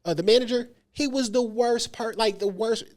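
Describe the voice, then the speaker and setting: A man with an extremely high-pitched voice and moderate pace co-hosts a casual movie review podcast chat. He's animated and emphatic, saying "yo" a lot and acting out little quotes.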